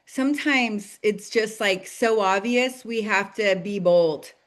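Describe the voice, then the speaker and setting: An enthusiastic woman in her thirties leads her team call in a chatty, motivational way. Her voice sits at an ordinary middle pitch, and she fills her talk with casual asides and quick laughs. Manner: chatty and enthusiastic, many "like"s and "you guys"; bursts of laughter and excited acted-out quotes. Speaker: team leader of a direct-sales group.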